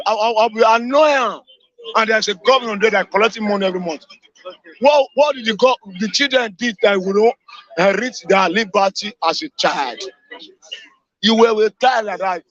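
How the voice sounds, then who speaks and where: A man from Edo State with a Nigerian accent, ranting fiercely as a caller on a live radio show, shouting and repeating himself and slipping into Pidgin. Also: sits high, brisk. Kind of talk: impassioned live radio call-in rant. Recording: dull lo-fi radio audio.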